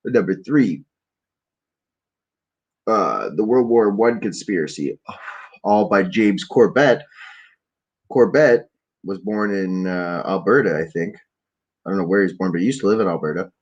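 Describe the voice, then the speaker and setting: A man's voice: sits low, measured pace, long pauses, husky, dull audio. A man from Canada hosting a podcast, telling a meandering story in a casual rambling monologue, often trailing off into fillers and restarts. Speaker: podcast host.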